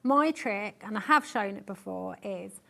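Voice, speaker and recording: Woman, live sewing demo, step-by-step explaining, chatty asides, middle pitch. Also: animated, measured pace, creaky, pushed and bright. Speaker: sewing demonstrator. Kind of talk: live craft demonstration. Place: TV studio.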